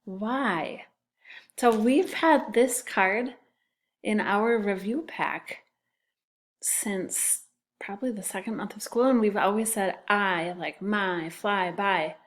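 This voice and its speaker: A woman's voice: mid-range voice, slow pace. A woman teaching a phonics lesson to young children, patiently sounding out and spelling words. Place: classroom.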